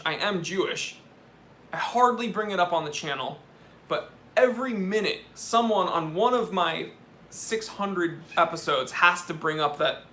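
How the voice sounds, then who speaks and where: Chummy bright-voiced man live-streaming. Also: a little high, reverberant, slight background noise. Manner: casual and chummy, says "dude" often. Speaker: watch channel host answering live chat.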